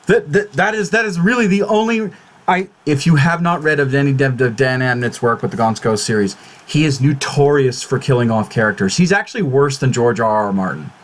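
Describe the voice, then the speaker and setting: This YouTube channel host speaks briskly in a mid-range voice on his vlog, casual but fretful and exclamatory. Curses come often, and in his agitation he keeps restarting and repeating words.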